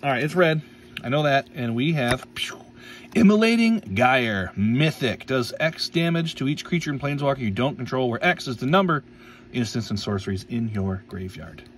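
A man's voice: mid-range voice, animated, moderate pace, recorded from a distance, slight background noise. A man casually opening trading card packs on camera, reading out card names, tripping over some of them and making playful jokes. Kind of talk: casual pack-opening commentary.

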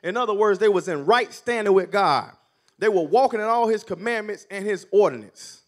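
A man preaching with a high, very animated voice that climbs and falls dramatically. He calls for responses from the congregation and builds his delivery in waves. The tone is that of a pulpit. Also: moderate pace. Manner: call-and-response preaching, rising to near shouting. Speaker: minister. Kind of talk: sermon.

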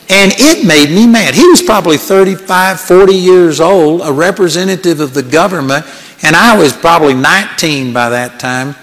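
A man's voice: fairly high pitch, moderate pace. Older preacher man telling a folksy story. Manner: folksy, animated storytelling with acted-out quotes. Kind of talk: storytelling sermon. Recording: long reverb of a large hall.

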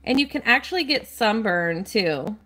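A woman's voice: fairly high pitch, lively intonation, normal speed, fairly bright tone. A woman live streaming a kids' game, chatting casually, gushing over cute details and reading out viewers' names. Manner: apologetic, reads out chat names.

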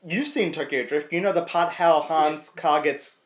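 Slightly high, loose-talking male podcast co-host, echoey room. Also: moderate pace. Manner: chatty, swears freely, laughs often. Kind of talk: casual film review chat.

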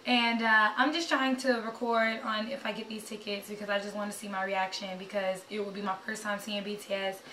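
A young woman, talking anxiously and excitedly to her camera in a casual vlog. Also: medium pitch, fairly quick, hardly any pauses, slight background noise. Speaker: vlogger. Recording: echoey room, voice a bit far from mic.

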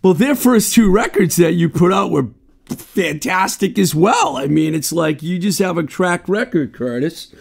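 A male podcast host with a fairly high, gravelly voice. He talks casually and enthusiastically, laughing along with his guest. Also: animated, measured pace. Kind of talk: casual interview chat.

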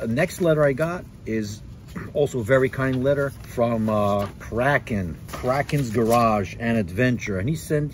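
Male vlogger, mid-pitched, chatty and rambling, garage setting, light background noise. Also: a little mellow. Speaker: motorcycle vlogger. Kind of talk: casual vlog chat. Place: home garage.

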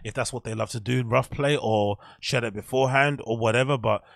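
A man's voice: mid-range voice, steady tone, fairly quick, vocal fry, a bit bright, no echo, clean studio sound. A man hosting a podcast, giving rambling, blunt commentary while clicking through pictures. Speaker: podcast host. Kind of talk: casual commentary on a screen grid.

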